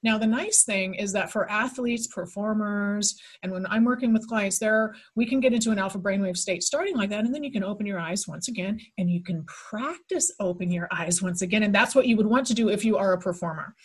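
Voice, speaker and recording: A woman guest on a podcast, explaining relaxation steps in a soft, slow, hypnotic guiding manner. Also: mid-range voice, breathy edge. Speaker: podcast guest, teacher of mental techniques. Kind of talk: podcast conversation.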